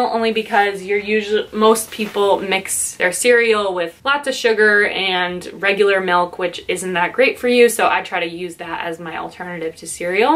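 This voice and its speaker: A woman in her twenties, a lifestyle vlogger, gives a casual talk to camera from her bedroom, cheerful and heavy on fillers. Her voice sits at medium pitch with a fairly bright tone, and she sounds a touch winded.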